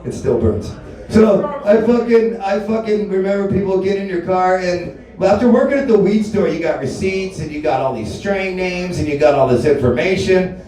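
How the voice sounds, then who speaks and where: Stand-up man from Alaska, mellow tone, rambling and crude, captured distant in an echoey bar. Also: sits high. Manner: loose, rambling, profane storytelling. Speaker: stand-up comedian. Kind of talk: stand-up comedy set. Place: bar open mic. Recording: echoey room, mic heard from a distance.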